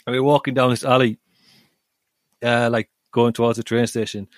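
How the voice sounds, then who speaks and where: A man's voice: medium pitch, little pitch movement, moderate pace, no echo. A young man, a podcast co-host, rambling through a travel story with lots of "like" and laughs along the way. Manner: rambling, says 'like' a lot, laughs while telling stories. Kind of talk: casual chat, storytelling.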